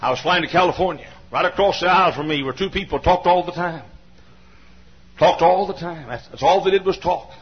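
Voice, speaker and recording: A man preaching a sermon, repeating his phrases, swinging from shouts down to a low murmur, and often coughing and clearing his throat. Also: brisk. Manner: repetitive, builds to shouting, then drops to a low murmur. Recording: dull lo-fi recording with faint hiss.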